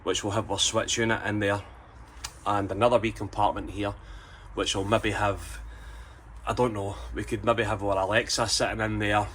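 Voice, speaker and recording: Scottish man, low-ish voice, easygoing vlog walkthrough, faint noise in the background. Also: flat delivery, moderate pace, fairly bright tone, rough recording. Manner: chatty, explaining as he goes. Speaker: vlogger building a campervan. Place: inside a van under conversion.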